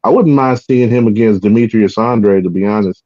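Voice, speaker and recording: Male caller, low and mellow voice, easygoing, heard over dull, muffled call audio. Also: normal speed, no echo. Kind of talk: casual call-in chat.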